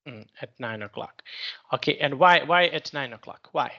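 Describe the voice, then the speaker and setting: A man's voice: medium pitch, animated, normal speed, pushed and bright, highs cut off. A man teaching an online English lesson, patiently repeating and rephrasing each question for his student.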